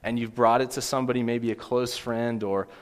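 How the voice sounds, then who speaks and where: A man's voice: mid-range voice, flat delivery, a little fast. A man preaching a sermon as pastor, earnest, asking his listeners direct questions and repeating his key points. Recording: long hall reverb.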